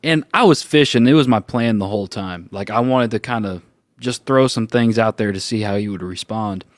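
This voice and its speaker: A man on a roundtable show telling a personal story in a casual, animated way, acting out the voices of the people he quotes and laughing now and then. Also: lowish voice, moderate pace, dry recording, clean studio sound. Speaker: roundtable co-host.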